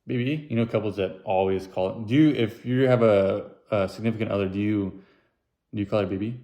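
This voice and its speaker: A young man talks through a loose solo podcast in a slightly low voice, rambling from one thought to the next. He mocks himself, takes his own jokes back, and slips into goofy high-pitched voices whenever he quotes someone. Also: steady tone, a little fast, a little mellow. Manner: rambling, self-mocking, jokey asides; puts on silly high voices when quoting. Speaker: podcast host. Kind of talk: casual solo podcast monologue.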